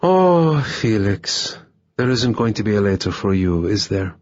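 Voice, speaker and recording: A man's voice: low-pitched, normal speed, husky, no room sound, dull audio. A man voicing a playful, thrill-seeking young woman spy who talks in a teasing, half-mocking way.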